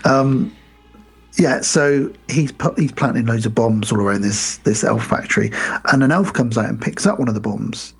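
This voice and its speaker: A man co-hosting a podcast, casually recapping a film plot and slipping into quick mock voices. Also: medium pitch, gravelly, slightly rough. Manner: retells scenes with quick mock voices and laughs. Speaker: podcast co-host.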